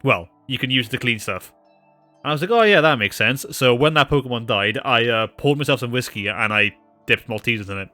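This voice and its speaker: A man streams a game and chats loosely, drifting through stories with lots of "uh"s along the way. His voice is bright and forward. The sound is dry and close to the mic. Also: mid-range voice, lively intonation, brisk, no echo, soft background music. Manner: rambling anecdotes with many fillers and laughs. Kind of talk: casual live-stream chat.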